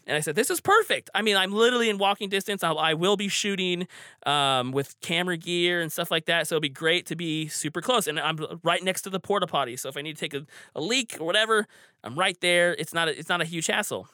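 A man's voice: on the high side, fast talker, pushed and bright, dry recording, studio quality. A man telling a personal story casually, rambling with frequent restarts and fillers. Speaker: storyteller guest.

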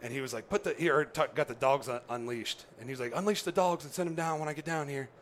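A man, a former pro football player, telling an animated hunting story, laughing and acting out what others said. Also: on the high side, fast, slight background noise. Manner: excited, laughing, acts out quoted voices.

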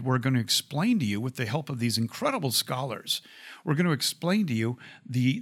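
Excited man talking fast. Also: medium pitch. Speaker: host. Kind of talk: casual enthusiastic product talk.

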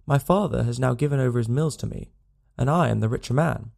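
A man's voice: mid-range voice, quick pace, vocal fry, darkish tone. A man doing a nasal, smirking young suitor. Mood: smug.

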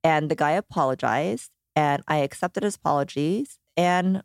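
A woman with a smooth, lower-pitched voice, recorded dry and close. She tells a personal story in a relaxed chat and acts out the quotes with lively changes of voice. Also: normal speed, no echo. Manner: animated storyteller acting out quotes. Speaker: podcast co-host. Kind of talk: casual chat.

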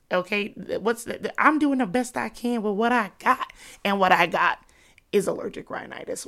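A woman's voice: medium pitch, gravelly, a bit bright. A woman with a congested nose from allergies, hosting a faith podcast in a chatty style and talking to listeners like close friends. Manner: chatty, addresses listeners as sis and y'all. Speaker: podcast host. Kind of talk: casual faith talk.

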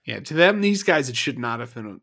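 A man co-hosting a casual podcast, talking in an animated, jokey way about a TV series. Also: medium pitch, brisk, gravelly. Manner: animated, jokey, puts on whiny mock voices. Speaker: podcast co-host. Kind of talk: casual chat.

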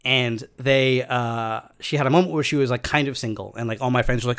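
A man in a relaxed conversation, recounting a personal story at an ordinary pitch. He rambles, stops and restarts, leaning on fillers as he goes. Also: fairly quick, few pauses, smooth.

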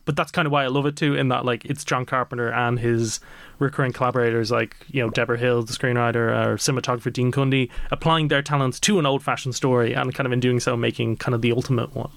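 A man's voice: mid-range voice, fairly even intonation, vocal fry, fairly bright tone, no room sound. A man hosting a podcast, enthusing about films in casual talk filled with "like" and "um". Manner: enthusiastic, talks fast with "like" and "um". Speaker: podcast host. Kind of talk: casual film discussion.

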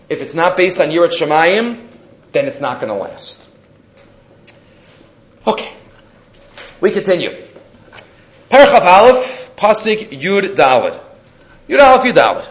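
A man with a high voice teaches a weekly Torah class, telling his stories with energy and acting out each quoted voice. The sound is dull and lo-fi, and it echoes around the room. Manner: animated storyteller who acts out quoted voices. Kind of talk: weekly Torah lesson with storytelling.

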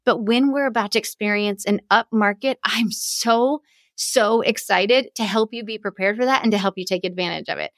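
A woman hosting a wedding business podcast, talking with excited, fast energy. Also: mid-range voice, no room sound, studio quality.

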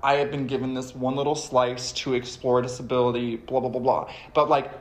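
Animated gay man in an echoey room. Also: fairly quick. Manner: animated, swears often, goes high and loud for mocking quotes. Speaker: guest, writer and actor. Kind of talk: casual podcast chat.

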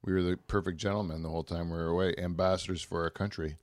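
A man with a somewhat low voice tells rambling, profane stories in a loose, casual way. He laughs often as he talks. The recording is close and dry, with no room sound. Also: little pitch movement, fast, no echo. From Canada. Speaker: podcast co-host. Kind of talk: casual chat.

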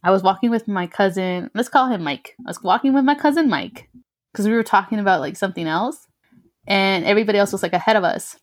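A woman's voice: mid-range voice, quick pace. Young woman telling a story. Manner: mixes English and Spanish, swears freely, laughs often. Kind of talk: casual chat.

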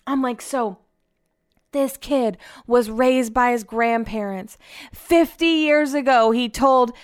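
A woman's voice: on the high side, slow, clean tone, no room sound, clean studio sound. A young woman hosting a podcast, telling stories in casual chat, chatty and emotional with frequent swearing. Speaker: podcast host.

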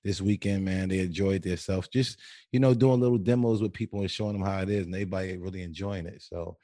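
A man's voice: low voice, fairly even intonation, quick pace, dry recording, clean studio sound. Profane, laughing male podcast host. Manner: loud storytelling, profane, laughs often. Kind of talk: casual chat.

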